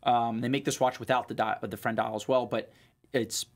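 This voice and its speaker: A man's voice: medium pitch, steady tone, normal speed, vocal fry. A man co-hosting a show as a watch trader, talking in a rambling casual way with lots of fillers and restarts. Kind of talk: casual chat.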